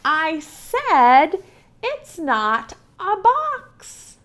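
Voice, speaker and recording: A woman voicing a small, stubborn male bunny who insists on every word, slow and emphatic. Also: very high voice, wildly swooping pitch, fairly bright tone, pitched above the performer's own voice, exaggerated voice. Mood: insistent.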